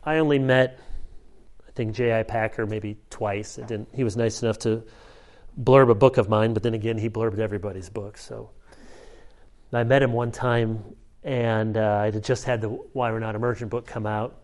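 A man's voice: lowish voice, fairly even intonation, moderate pace, a little mellow. A man preaching a sermon as a pastor, conversational and emphatic as he tells stories to his congregation.

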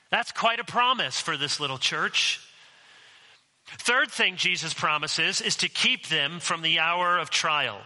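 Casting: male pastor, bright forceful voice, conversational sermon delivery with joking asides, slightly higher pitch, church hall reverb.

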